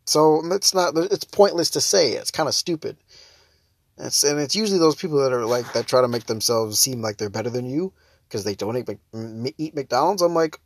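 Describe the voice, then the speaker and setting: Expressive and a little fast, this mid-range male voice belongs to a young man with a headache who hosts his own podcast and stream. With no echo, he delivers a casual solo monologue of sarcastic rants, laughing often while sometimes holding back laughter.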